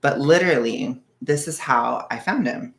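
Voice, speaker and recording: Nervous, rambling young man with a gravelly voice. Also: mid-range voice, moderate pace. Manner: rambling, self-conscious, with hushed asides. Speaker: vlogger. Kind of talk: casual confessional chat. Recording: echoey room.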